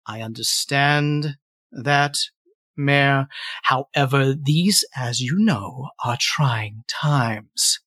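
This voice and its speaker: A man voicing a suave, white-haired tiefling gentleman in a tabletop game, speaking in a smooth, courteous, mannered way. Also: medium pitch, extremely slow, no echo, studio quality, exaggerated voice. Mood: wry.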